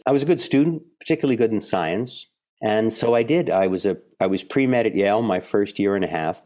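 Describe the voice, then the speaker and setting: A man in his seventies from Philadelphia, a guest actor telling animated stories in an interview. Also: sits low. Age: 70s. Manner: animated storyteller, acts out the people in his stories. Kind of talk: relaxed interview storytelling.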